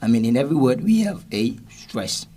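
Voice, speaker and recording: A man's voice: mid-range voice, sing-song, brisk, mellow, a little hiss or hum. Man explaining pronunciation on radio. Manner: explanatory, uses fillers and demonstrates stressed words. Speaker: English teacher guest.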